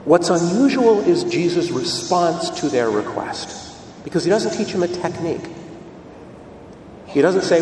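A man delivers a lively sermon with a pitch that swings up and down. He is heard from a distance, and his voice rings through a roomy church with a long reverb trail. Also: moderate pace. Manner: animated, questioning, emphatic repetition. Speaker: preacher. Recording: echoey church, voice from far off.

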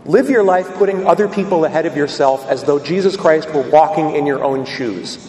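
A man voicing a holy, saintly old priest who speaks gently and gravely. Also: a little high, a little fast, a little hiss or hum, lightly acted. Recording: echoey hall from a distance.

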